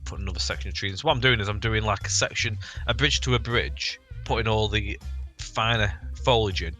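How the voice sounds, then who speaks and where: A man's voice: fairly low pitch, a little fast, sharp tone, faint music behind. A man co-hosting a modding stream, chatting and joking as he talks through his progress. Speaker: co-host of a train game modding stream. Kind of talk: casual stream chat.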